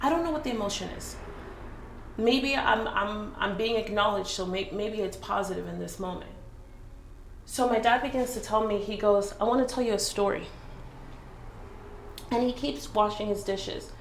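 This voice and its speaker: A woman from Jamaica telling a painful personal story in an earnest, halting way, with many restarts. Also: medium pitch, vocal fry, slight background noise. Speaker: business owner telling her story. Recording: roomy echo.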